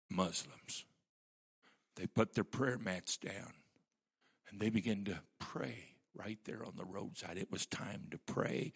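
A man's voice: lowish voice, breathy edge. A man preaching a sermon as pastor, telling stories with strong emphasis.

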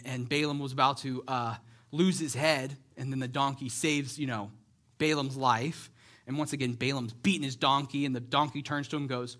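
Animated preacher, man with higher voice. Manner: animated storyteller, acts out characters' lines; conversational, checks in with "right?". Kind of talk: sermon, Bible storytelling.

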